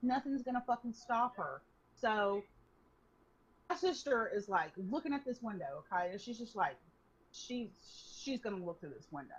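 Husky woman telling a profane story. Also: a little high, animated, normal speed. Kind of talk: casual chat. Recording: dull lo-fi recording.

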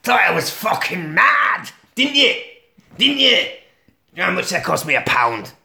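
A man voicing a cantankerous, foul-mouthed old Scottish hermit grandad in a put-on Scottish accent, shouting and sneering. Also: a little high, expressive, moderate pace, vocal fry, full character voice. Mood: ranting. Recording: roomy echo.

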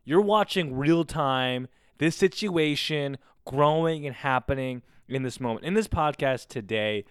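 A man hosting his own podcast alone, chatting casually in a rambling, excitable way with a lot of swearing. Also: mid-range voice, a little slow, clean tone, no echo, studio quality. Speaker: podcast host. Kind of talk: casual solo podcast chat. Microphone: close studio mic on camera.

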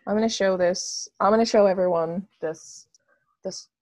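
A woman's voice: medium pitch, normal speed, darkish tone, dry recording. A woman chatting casually and gushing enthusiastically, with lots of "like" fillers. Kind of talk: casual chat.

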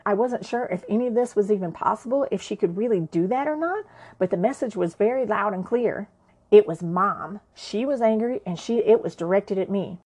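A woman's voice: mid-range voice, brisk, dark tone. A woman narrates her own story in a frank, everyday voice. She talks conversationally and swears without holding back.

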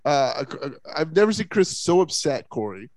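Sports podcast co-host, gravelly voice, swinging pitch, dry close mic. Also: male voice, moderate pace, no room sound. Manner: rambling, animated, many fillers and restarts. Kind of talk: casual sports talk.

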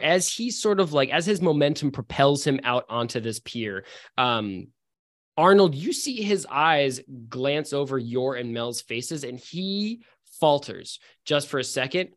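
A man's voice: medium pitch, animated. Brief: male game master narrating a tabletop session, hesitant and stop-start. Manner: halting, with many fillers and restarts.

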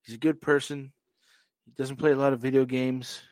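A man's voice: mid-range voice, little pitch movement, normal speed, darkish tone, no room sound. A man in his thirties chats in an easygoing way on a podcast while getting over a lingering cold. The recording is dry and close. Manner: easygoing, chatty. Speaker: podcast co-host. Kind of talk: casual podcast chat.

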